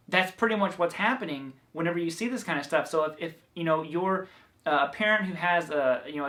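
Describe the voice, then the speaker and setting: A man's voice: on the high side, fairly bright tone. A man from the American South with a Southern accent, chatting loosely through a guitar lesson with lots of fillers and restarts. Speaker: guitar teacher. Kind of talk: casual guitar lesson vlog.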